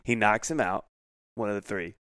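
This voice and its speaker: At a normal speed and with a lowish voice, a podcast co-host chats casually, telling lively stories, mimicking what people said, and laughing often. The recording is dry and of studio quality.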